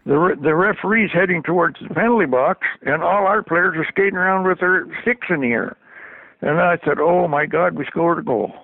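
A man's voice: sits high, fairly quick, vocal fry, no room sound. An older man, a former hockey trainer, telling stories and chuckling often as an interview guest. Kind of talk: anecdotal storytelling. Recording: tinny dry phone line.

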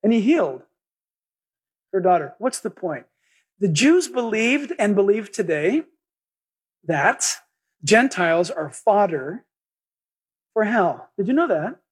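A male pastor with a high, husky voice delivers an animated sermon. He slips into little acted voices for the people in his stories. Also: slow pace, pauses often. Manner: animated preaching, acting out quoted voices.

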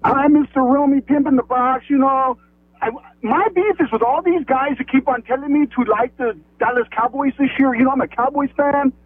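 A man's voice: extremely high pitch, normal speed, husky. A man calling in to a radio show, meandering and full of fillers. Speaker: caller. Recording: tinny dry phone line.

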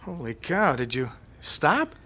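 An actor in a radio drama playing a chatty, friendly duck-hunting buddy. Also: male voice, on the high side, huge pitch swings, takes it slowly, pushed and bright, breathy edge, heavily acted. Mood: easygoing.

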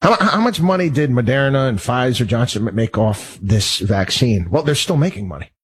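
Husky-voiced man ranting, many restarts. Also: medium pitch, lively intonation, moderate pace. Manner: rambling, with many restarts and repeated words; indignant and worked up. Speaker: radio talk show host. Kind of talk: casual monologue.

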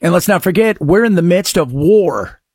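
Sarcastic, animated talk radio host man. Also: high-pitched, moderate pace, breathy edge, no room sound, studio quality. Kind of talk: opinion talk radio monologue.

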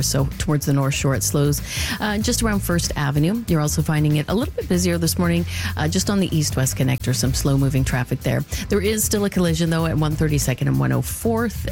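Low-voiced woman reading traffic. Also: a little mellow. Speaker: traffic and weather reporter. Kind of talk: radio traffic report.

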